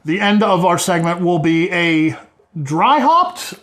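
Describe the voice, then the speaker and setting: A man's voice: high-pitched, big pitch swings, slow pace, fairly bright tone. A middle-aged man hosting a casual beer review at home, chatty and joking with rambling asides. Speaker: show host.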